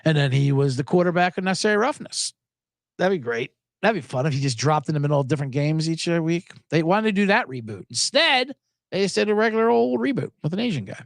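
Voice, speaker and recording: A man's voice: fairly high pitch, a little fast, creaky, dry recording, studio quality. A man hosting a sports show in casual, joking, rambling talk. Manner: animated, jokey, rambling.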